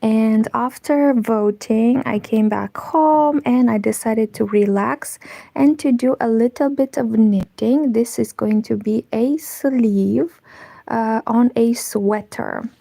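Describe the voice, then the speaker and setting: A woman hosting a casual knitting livestream from home, chatting with viewers in a soft, partly whispered voice. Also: on the high side, takes it slowly, gravelly, no room sound, rough recording. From Moldova. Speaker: knitting channel host. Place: home, indoors.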